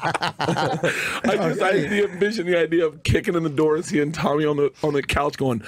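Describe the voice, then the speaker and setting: A man, a comedian guest, telling rowdy, profane stories with a husky voice in a radio studio. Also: a little high, steady tone, moderate pace, noisy background. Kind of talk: animated storytelling.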